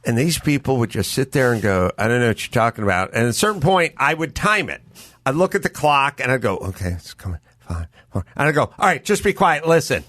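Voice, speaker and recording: Animated, bright-voiced male host. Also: mid-range voice, fast talker, no room sound, clean studio sound. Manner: animated storyteller, acts out dialogue. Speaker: podcast host. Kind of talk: casual comedic chat.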